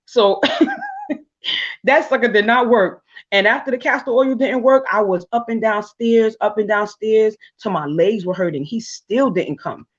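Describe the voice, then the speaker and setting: A woman, telling personal stories in a casual, animated way as a guest on a live talk show, with frequent restarts and fillers. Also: a little high, moderate pace, muffled recording. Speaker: guest speaker.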